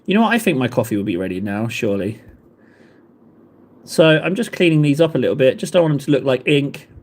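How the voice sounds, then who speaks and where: A man's voice: medium pitch, lively intonation, brisk. Rambling man chatting. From England. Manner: rambling, self-deprecating, many fillers. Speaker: livestream host. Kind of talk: casual chat with live viewers.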